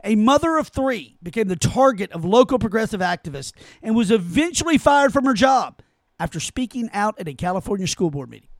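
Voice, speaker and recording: A man's voice: sits high, no room sound. A man hosting his own podcast, ranting in an indignant, emphatic way and repeating phrases for effect. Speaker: podcast host. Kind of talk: opinionated solo podcast rant.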